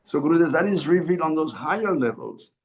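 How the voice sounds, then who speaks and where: Swami guy preaching, kinda high voice, earnest, keeps correcting himself. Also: lively intonation, fast talker. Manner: earnest, repeats and corrects himself mid-phrase. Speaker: swami giving a spiritual discourse. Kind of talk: sermon.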